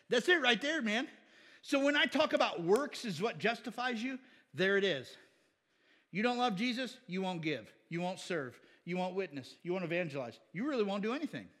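A man preaching a sermon in an animated, chatty way, laughing often and voicing quoted people. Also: high-pitched, long reverb tail.

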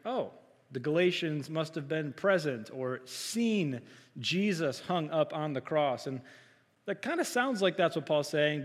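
A man preaching a sermon, self-described as soft-spoken and trying to project, who keeps asking the congregation questions and gives loud, emphatic readings of quoted lines. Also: fairly high pitch, long reverb tail. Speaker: pastor. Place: church sanctuary.

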